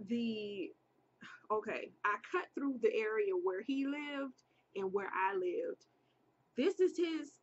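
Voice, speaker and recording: Slow-talking young woman telling a story. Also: husky, highs cut off. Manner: animated, acts out quotes in a high voice. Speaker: vlogger. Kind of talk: casual storytelling.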